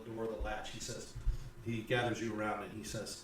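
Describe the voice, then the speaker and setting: A man's voice: fairly low pitch, flat delivery, fairly quick, a little hiss or hum. A man narrating a tabletop game as game master, rambling with fillers and restarts. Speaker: dungeon master. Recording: echoey room from far off.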